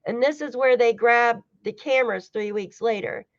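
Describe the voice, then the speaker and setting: A woman's voice: fairly high pitch, moderate pace, no room sound. Chatty woman streamer, dull dry sound. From United States. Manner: chatty, swears, laughs often, talks to chat. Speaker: true-crime livestream host. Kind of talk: casual livestream chat.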